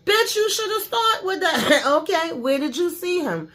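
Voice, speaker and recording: A woman's voice: extremely high pitch, big pitch swings, a little slow, fairly bright tone. A woman hosting a casual TV episode recap, sassy, ranting and swearing freely. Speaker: host of a TV recap channel.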